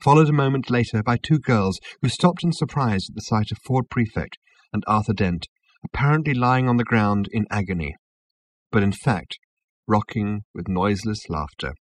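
A man narrating a comic novel as an audiobook, with a wry, expressive delivery. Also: lowish voice, normal speed, no room sound.

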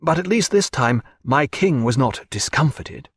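A narrator voices a ship's physician, measured and wry, in a voice close to his own. Delivery is expressive and varied in pitch. The recording is dry and intimate. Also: breathy edge, no echo.

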